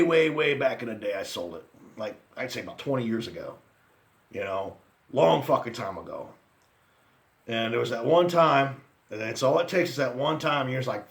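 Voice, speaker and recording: A man in his forties telling rambling, profane stories about his friends and past, laughing at his own anecdotes. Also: medium pitch. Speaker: vlogger. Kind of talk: casual storytelling rant.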